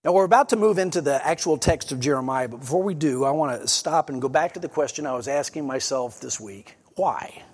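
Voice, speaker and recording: A man's voice: on the high side, lively intonation, a little fast, hardly any pauses, husky, long reverb tail. A man preaching a sermon, explaining scripture in an earnest teaching manner and reading passages aloud with emphasis. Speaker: pastor.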